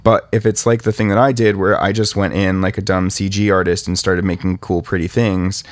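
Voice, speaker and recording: A man's voice: deep voice, level tone, fairly quick, no room sound. A man hosting a casual podcast, rambling and self-deprecating as he talks through his own 3D work. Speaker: podcast host, 3D artist.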